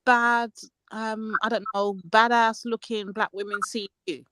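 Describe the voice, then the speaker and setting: A woman's voice: a little high, level tone, a little slow, sharp tone, slight background noise. A woman, co-hosting a streamed panel, teasing a caller and asking him pointed questions. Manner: teasing, questioning, laughs easily. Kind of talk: casual live stream chat.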